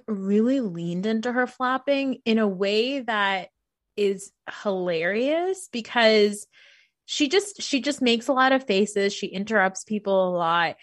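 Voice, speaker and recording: A woman co-hosting a casual chat, animated and chatty, acting out quotes and laughing often. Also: fairly high pitch, no room sound, clean studio sound. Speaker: podcast co-host. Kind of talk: casual reality TV recap chat.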